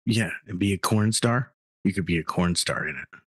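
A man co-hosting a podcast in casual banter, joking in a playfully hushed voice. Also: low-pitched, normal speed, slightly rough, dry recording. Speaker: podcast co-host.

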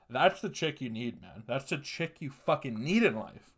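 A man's voice: mid-range voice, animated, normal speed, a bit bright, breathy edge. A man hosting a solo podcast, ranting casually and crudely with lots of swearing and laughing asides. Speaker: podcast host.

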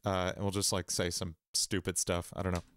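A man hosting a casual music production livestream from a home studio, thinking aloud in a relaxed, rambling way. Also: low voice, a little fast, dry recording.

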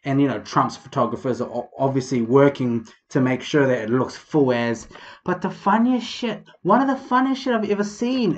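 A young man from New Zealand with a New Zealand accent, hosting a casual comedic vlog in a rambling, profane, animated way. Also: fairly high pitch, dull audio. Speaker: vlog host.

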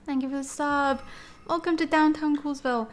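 A woman's voice: high voice, fairly even intonation, moderate pace. A woman streaming a game late at night, tired and teary, rambling casually with lots of "like" and "dude". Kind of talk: casual live-stream chat.

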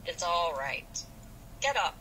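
A woman's voice: lowish voice, big pitch swings, takes it slowly, bright, forceful tone, a little hiss or hum, full character voice, poor audio. A woman reading the indignant lines of a proud, sulky young man from an old novel. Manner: indignant, defensive. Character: male youth, proud and sulky.

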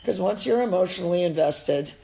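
Gravelly Midwestern woman ranting bluntly. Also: lowish voice, lively intonation, brisk, background noise. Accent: Midwestern American. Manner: blunt, emphatic, swears freely. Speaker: e-collar dog trainer. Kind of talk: opinionated live-stream rant.

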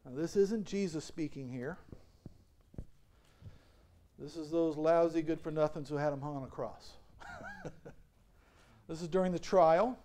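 Man, pastor, high-pitched, lively questioning sermon delivery with frequent laughs. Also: a little slow, long pauses, slight background noise. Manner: asks the congregation questions and lets them answer. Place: church sanctuary.

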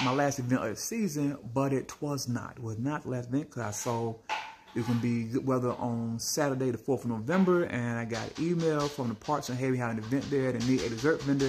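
A man tells his viewers a story in a loose, blunt, animated way. His voice sits at an ordinary middle pitch. A faint hiss of noise runs under the recording. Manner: animated, blunt, addresses listeners as family. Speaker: small business owner vlogging.

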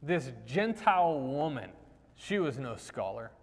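Guy preaching in a church, kinda high voice, chatty and lively, long echo off the hall. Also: a little slow. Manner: conversational, animated, acts out the quoted lines. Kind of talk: sermon. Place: church sanctuary.

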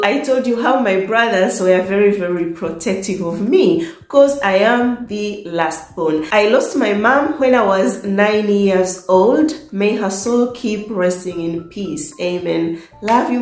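Young woman from Tanzania, personal storytelling vlog. Unhurried delivery, frequent laughter. Echoey room, soft music bed. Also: mid-range voice. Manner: warm, laughs often, emotional at times. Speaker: vlogger.

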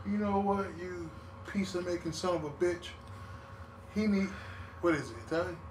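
A man co-hosting a podcast in casual chat, cursing and telling joking stories with lively energy. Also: sits high, normal speed. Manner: profane, joking, animated storyteller. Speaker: podcast co-host. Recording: roomy, distant mic with faint noise.

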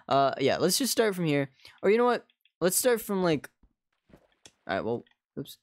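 A man's voice: a little high, sing-song, moderate pace, pauses often, no room sound. Rambling male streamer, dry close sound. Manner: rambling, many "like" fillers, talks to chat. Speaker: game streamer. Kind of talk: casual live gaming chat.

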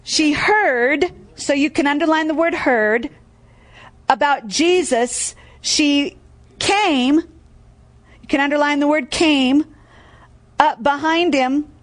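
A woman preacher giving a sermon. She tells stories, reads scripture aloud, repeats key phrases for emphasis and quizzes listeners with "what?". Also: sits high.

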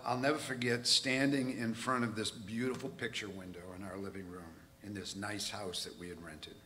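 Low, forceful man preaching. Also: a little hiss or hum. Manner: candid, self-mocking storytelling. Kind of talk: sermon with personal story. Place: church.

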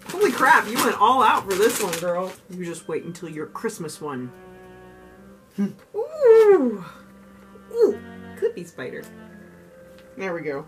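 A young woman vlogging as she unboxes gifts, gushing, gasping and squealing with excitement. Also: on the low side, normal speed. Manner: gushing, squeals and gasps often, lively and giddy. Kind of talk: excited casual unboxing chat. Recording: music playing underneath.

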